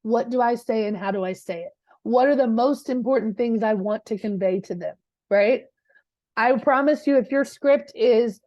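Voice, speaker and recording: A slightly high female voice with a darkish tone moves at normal speed, captured on lo-fi audio without echo. It belongs to a real estate coach teaching a live class who talks plainly and conversationally, checking in with listeners and repeatedly asking a rhetorical "right?"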